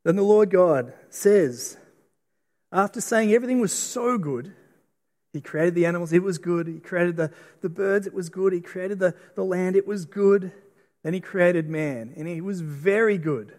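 A middle-aged Australian man preaches a sermon with a slightly raised pitch. He speaks earnestly, often repeating and restarting his words. His voice carries the long reverb of a church hall. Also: moderate pace, darkish tone. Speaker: pastor. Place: church auditorium.

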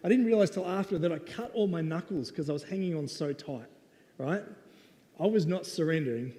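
A man's voice: on the high side, a little fast, warm tone. A man preaching a casual storytelling sermon, conversational and playful. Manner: conversational and playful, with lots of "right?". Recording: long reverb of a hall.

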